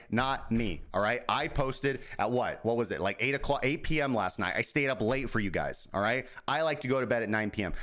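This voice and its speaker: A man's voice: medium pitch, fairly bright tone. Guy rambling about crypto charts, swears a lot, pokes fun at himself. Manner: profane, rambling, self-mocking. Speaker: crypto trading show host. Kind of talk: casual market commentary.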